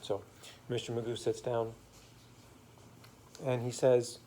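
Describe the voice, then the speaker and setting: Mellow man improvising a playful bedtime story. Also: mid-range voice, flat delivery, a little hiss or hum. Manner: playful, rhyming, pausing to make things up.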